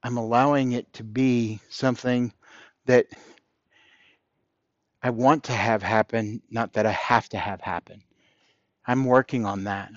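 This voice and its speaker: A man's voice: medium pitch, no echo, highs cut off. Earnest man giving a motivational talk. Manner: earnest, repeats phrases for emphasis. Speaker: podcast host. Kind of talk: motivational monologue.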